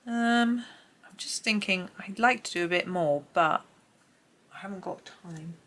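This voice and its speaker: A woman's voice: on the low side, unhurried, a bit bright. A middle-aged woman with a Gloucestershire accent, talking and rambling as she leads a colouring tutorial. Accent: Gloucestershire English. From England. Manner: rambling and self-amused, thinking aloud while colouring. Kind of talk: chatty narrated drawing tutorial. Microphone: camera mic on a tripod.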